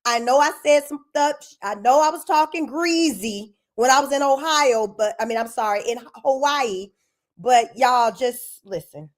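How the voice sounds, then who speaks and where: A woman's voice: high voice, unhurried. A woman imitating an exasperated woman who pleads for peace and half apologizes, in a whiny, defensive tone. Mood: pleading.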